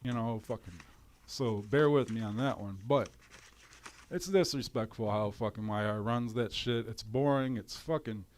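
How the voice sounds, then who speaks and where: A man's voice: mid-range voice, moderate pace, a little mellow. A man with a runny nose, ranting on a livestream in a profane, exasperated way. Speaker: livestream commentator. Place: home in cold weather.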